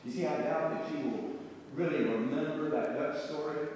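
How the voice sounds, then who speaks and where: A male pastor preaching a sermon in a church, folksy and deliberate, drawing out his words. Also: a little high, darkish tone, slight background noise. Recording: echoey church hall from far off.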